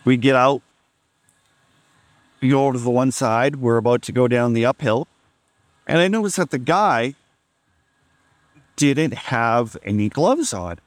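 A man's voice: medium pitch, expressive, measured pace, pauses often, no echo. A man casually telling a funny story on a podcast, amused and laid-back, acting out what people said.

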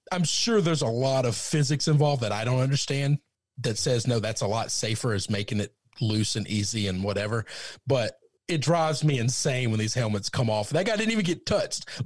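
Animated man chatting about football. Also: mid-range voice, dry recording, studio quality. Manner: animated storyteller, acts out quotes. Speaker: podcast co-host. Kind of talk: casual sports talk.

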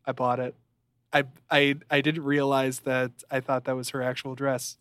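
A man's voice: moderate pace, clean tone, dry recording, studio quality. A man co-hosting a podcast, chatting casually and acting out quotes from a show in a raised voice. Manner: animated, acts out quotes in a high voice. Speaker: podcast co-host. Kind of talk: casual chat recapping a show.

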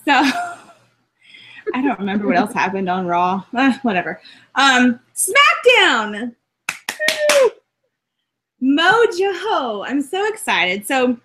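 A woman co-hosting a casual chat podcast, talking in an excited, rambling way and laughing often. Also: medium pitch. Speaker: podcast co-host.

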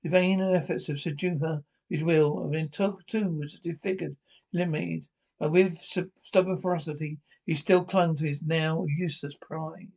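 A man with a somewhat high voice reads a classic adventure novel aloud. He stumbles and restarts words often, pressing on through the story in an unpolished, amateur narration. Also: steady tone, creaky, darkish tone, rough recording. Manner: halting, frequent restarts and stumbles. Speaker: audiobook narrator.

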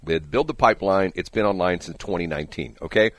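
A man's voice: deep voice, quick pace, no echo. A man hosting a morning radio show, chatting casually and jokingly, mocking himself and laughing often. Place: radio studio.

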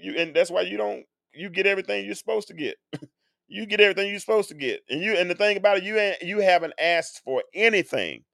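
A man's voice: medium pitch, a bit bright, dry recording, studio quality. A man in his forties hosting a casual live stream, talking earnestly to his audience and repeating phrases as he builds each point. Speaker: host.

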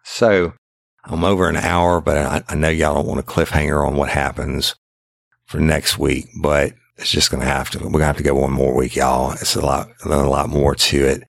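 Very deep gravelly man. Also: flat delivery, normal speed, no room sound, studio quality. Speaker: former police detective telling a case story. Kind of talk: casual spoken storytelling.

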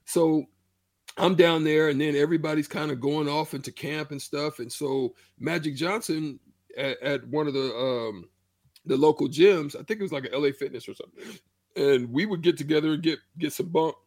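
A middle-aged man, a former basketball player, telling a story in a loose, animated way with slang. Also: fairly high pitch, moderate pace, no echo. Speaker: former pro basketball player, show regular. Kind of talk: casual storytelling chat.

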